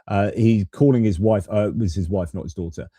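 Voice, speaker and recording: A man's voice: fairly low pitch, a little fast, warm tone, breathy edge, no echo. A man hosting a live stream of off-the-cuff political commentary, with loose talk and restarts. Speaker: host.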